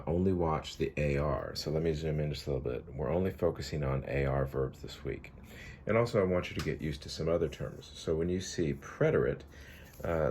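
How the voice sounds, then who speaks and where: Middle-aged male teacher with a very deep voice, laid-back and talky, recorded at a desk mic with a light hiss. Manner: relaxed, chatty explaining with fillers. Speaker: Spanish teacher. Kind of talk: recorded online lesson.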